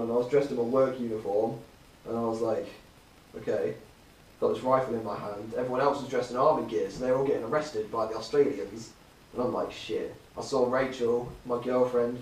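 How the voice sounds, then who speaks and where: A man's voice: mid-range voice, a little mellow. A young man in casual chat, telling a long story with plenty of swearing. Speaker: podcast co-host. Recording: roomy, far from the mic.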